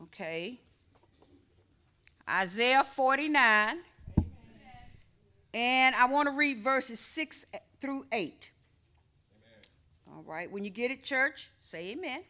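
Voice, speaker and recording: Woman pastor giving a sermon, high voice, slow and bright, calls and answers with the church. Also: animated. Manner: calls out prayer, then teaches conversationally with call-and-response.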